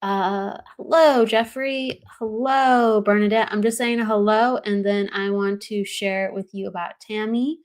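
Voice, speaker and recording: A woman's voice: medium pitch, fairly even intonation, a little slow, few pauses, clear, resonant tone. A woman hosting a spiritual live stream, greeting viewers by name in a bubbly way and laughing often. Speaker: host.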